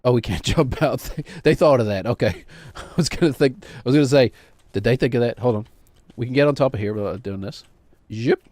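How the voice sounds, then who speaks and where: A man's voice: mid-range voice, a little fast, darkish tone, no room sound. A man streaming a game, rambling and joking to himself as he plays. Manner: rambling, jokey, talks to himself while playing. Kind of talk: casual gameplay commentary.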